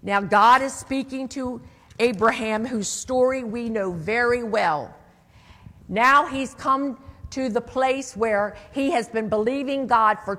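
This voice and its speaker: A woman preaching a sermon, calling out for amens and rising to loud, emphatic declarations. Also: high voice. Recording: long hall reverb.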